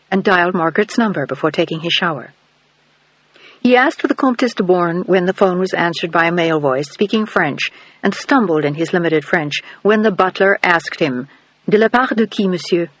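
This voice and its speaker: A male audiobook narrator with a fairly high voice tells the story in a steady, even manner. The sound is dry and close, with a dull, muffled top end. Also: no room sound. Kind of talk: scripted narration. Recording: dull, dry studio recording.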